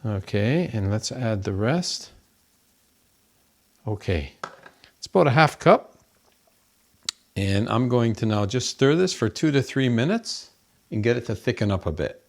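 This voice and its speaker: A man's voice: mid-range voice, animated, unhurried, pauses often. A man hosting a home cooking show from his kitchen, gushing over the food and talking to viewers as folks.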